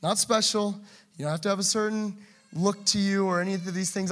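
Brief: high-pitched male preacher, fervent sermon, loud calls then hushed asides. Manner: passionate, swings from loud urging to quiet asides.

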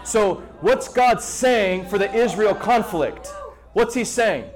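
A man preaching a sermon to a congregation in an animated way, repeating words and pausing for effect. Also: sits high. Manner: animated preaching with repetitions and dramatic pauses. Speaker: pastor.

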